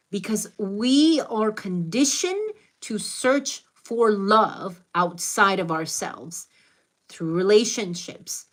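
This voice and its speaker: A middle-aged American woman with a Hispanic Latin accent, hosting a live stream, greeting viewers by name and giving earnest, reflective spiritual advice. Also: medium pitch. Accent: American English with a Hispanic Latin accent. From United States.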